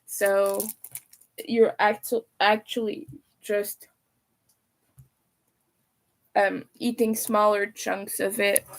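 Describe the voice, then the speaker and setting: A woman's voice: medium pitch, flat delivery, very slow, pauses often, low-quality recording. A young woman chatting casually on a livestream, talking while she eats. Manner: chatty, talks while eating. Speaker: livestreamer and crocheter.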